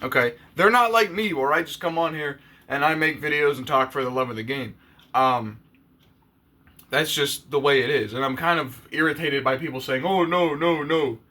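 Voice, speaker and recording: A man's voice: medium pitch, moderate pace, sharp tone. A man talking to camera in a casual, blunt and profane rant on his own channel. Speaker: YouTuber.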